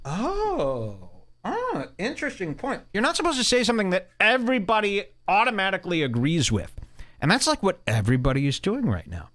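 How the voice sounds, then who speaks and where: A man's voice: high-pitched, big pitch swings, fast talker, a bit bright, no echo. A man hosting a podcast, ranting casually with a mocking, profane edge. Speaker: podcast host.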